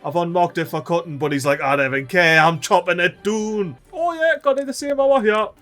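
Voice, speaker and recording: A man gives chatty, excitable gameplay commentary as a let's-play host. His voice sits a little high, and he keeps calling out to the little characters on screen. Soft game music plays faintly behind him.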